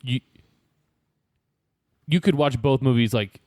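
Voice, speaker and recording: A man co-hosting a casual pub quiz podcast, laughing often and breaking into falsetto. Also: slow pace, dry recording. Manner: animated, laughs often, jumps into high falsetto. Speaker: podcast co-host.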